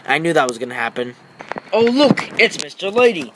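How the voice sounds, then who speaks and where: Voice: medium pitch, sing-song, fairly quick, noisy background. A toy-video creator chatting casually and rambling with lots of fillers while narrating their toy play at home.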